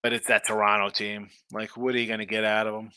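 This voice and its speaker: Bright rambling male betting show host. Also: on the low side, completely flat delivery, quick pace, smooth, no room sound. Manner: rambling, self-interrupting, thinking aloud. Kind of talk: casual live-stream chat.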